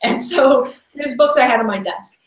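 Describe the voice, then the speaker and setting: A podcast guest with a high voice speaks at a normal speed in an echoey room. She is a woman in a casual interview who rambles along chattily, leaning on "like" and often starting over.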